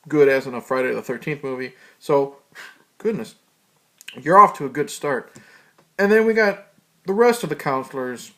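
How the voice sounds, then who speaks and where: A man's voice: medium pitch, expressive, moderate pace, pauses often, pushed and bright. Male reviewer, casual and profane, loose rambling delivery with fillers. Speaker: movie reviewer. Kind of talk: casual spoken movie review.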